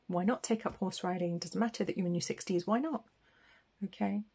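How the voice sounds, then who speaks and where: A woman's voice: mid-range voice, brisk, gravelly, darkish tone, breathy edge. A middle-aged woman doing a tarot reading in a chatty, rambling way, with frequent laughs. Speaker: tarot reader. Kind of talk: casual spoken reading.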